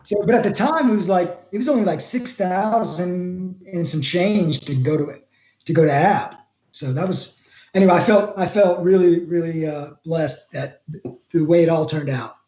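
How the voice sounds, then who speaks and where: A man from Florida, a former wrestler, telling his story as a guest in a casual interview, rambling and relaxed. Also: sits high, normal speed, echoey room, highs cut off. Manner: relaxed, rambling, laughs while telling stories.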